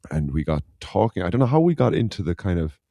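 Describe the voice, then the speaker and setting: Middle-aged Irish co-host, very low and mellow, rambling and halting, dry close mic. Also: male voice, big pitch swings, creaky, dry recording. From Ireland. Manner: rambling, halting, lots of fillers and restarts. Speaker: podcast co-host. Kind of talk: casual podcast chat. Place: living in Germany.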